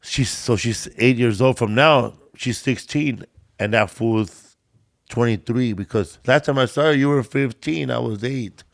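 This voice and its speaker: A man's voice: mid-range voice, a little slow, creaky, no room sound. Wisecracking man, dry close sound. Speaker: podcast host. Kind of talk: casual chat.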